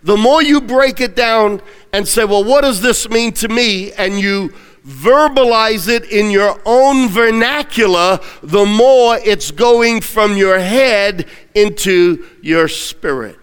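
Male preacher, high voice, slow deliberate pace, emphatic, reverberant hall. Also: smooth. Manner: emphatic, call-and-response, swings from loud to hushed. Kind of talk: sermon.

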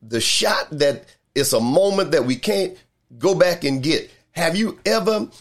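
An older man preaching a sermon as pastor, repeating key lines with emphasis and slow, drawn-out pauses. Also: fairly high pitch, expressive.

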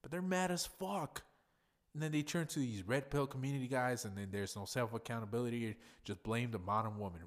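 Lowish-voiced guy ranting on his podcast, kinda drunk, swears a lot, blunt. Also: brisk. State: tipsy from drinking. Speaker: podcast host. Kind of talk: casual ranting monologue.

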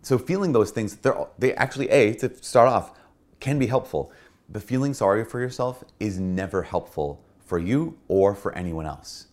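Man, Catholic priest, very low voice, earnest homily-style talk, repeats phrases for emphasis. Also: moderate pace. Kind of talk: spoken homily-style reflection.

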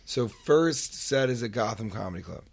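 A man's voice: mid-range voice, normal speed, vocal fry, husky. A man hosting a podcast, casually telling a comic story and acting out the sounds and voices in it. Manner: animated, acts out sounds and voices. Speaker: podcast host.

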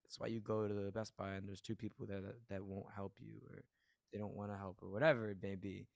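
A man's voice: on the low side, fast, vocal fry, no echo, studio quality. Laid-back man telling a story. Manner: laid-back and animated, swears freely, acts out dialogue. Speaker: music producer and artist, podcast guest. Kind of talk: casual conversational storytelling.

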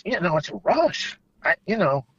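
A man's voice: high-pitched, sing-song, normal speed, a bit bright, breathy edge, no room sound. Laid-back man on a dull dry line. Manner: rambling, laid-back, lots of "you know". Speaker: guest. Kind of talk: casual chat.

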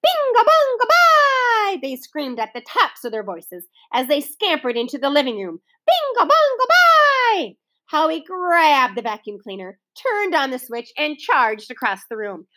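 A woman's voice: high-pitched, normal speed, few pauses. A woman reading a children's book aloud, talking directly to young listeners between passages. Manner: animated, doing children's voices, talks to listeners directly. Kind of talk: read-aloud storytime for kids.

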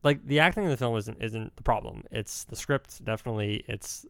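A man's voice: medium pitch, a little fast, vocal fry, dry recording, clean studio sound. A young man chatting casually as a podcast co-host, rambling and opinionated, often correcting himself mid-sentence. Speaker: podcast co-host reviewing films. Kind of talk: casual chat.

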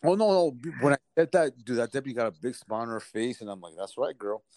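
A man's voice: medium pitch, animated, quick pace, a little mellow, no room sound. A man hosting a casual online chat, telling crude rambling stories full of swearing. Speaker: podcast host.

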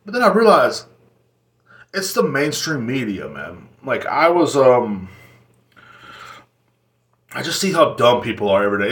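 Sitting in a chair in an echoing indoor room, a solo podcast host delivers a casual, profane, rambling rant full of jokes. His voice sits on the high side and sounds pushed and bright.

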